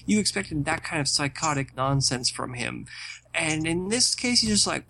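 A man co-hosting a podcast in casual, animated chat, often acting out what others said. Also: on the high side, moderate pace, gravelly, a little hiss or hum. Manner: animated, swearing, acts out quotes. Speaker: podcast co-host.

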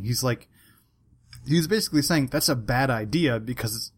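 A man co-hosting a podcast in casual chat, talking in a lively way and swearing often. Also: a little high, fairly quick. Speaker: podcast co-host.

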